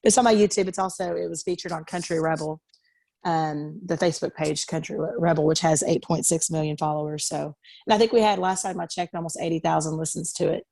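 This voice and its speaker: A woman's voice: low-pitched, fairly even intonation, a little fast, vocal fry, warm tone, no echo. A woman from Arkansas, a singer-songwriter, chatting as a guest in an interview in a modest, easygoing way. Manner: modest, chatty, laughs easily. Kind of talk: casual interview chat.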